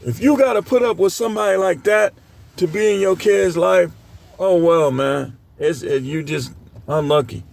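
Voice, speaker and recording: A middle-aged man rants to camera with blunt, scolding dating commentary, lecturing his viewers in a preachy way. His voice is high-pitched with vocal fry, a little mellow, at normal speed.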